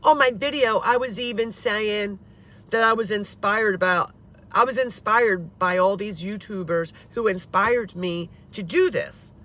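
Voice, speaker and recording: A woman's voice: mid-range voice, a little slow, fairly bright tone. A woman in her fifties talking to her viewers in a casual, rambling vlog, frustrated and swearing, often restarting her sentences. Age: 50s. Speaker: paranormal vlogger. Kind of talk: casual rambling monologue to camera.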